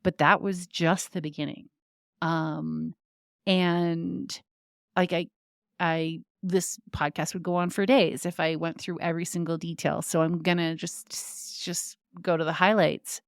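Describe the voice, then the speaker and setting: A woman's voice: on the low side, level tone, unhurried, vocal fry, dry recording, clean studio sound. A young adult woman hosting a podcast, telling a personal story in a chatty way with frequent fillers and laughs. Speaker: podcast host. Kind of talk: casual storytelling monologue.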